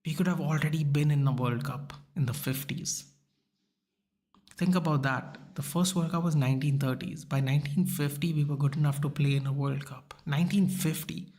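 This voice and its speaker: A man's voice: on the high side, fairly even intonation, normal speed, a little mellow. A man from Goa, a streamer chatting live and ranting in frustration while replying to his chat. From Goa, India. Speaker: watchalong streamer.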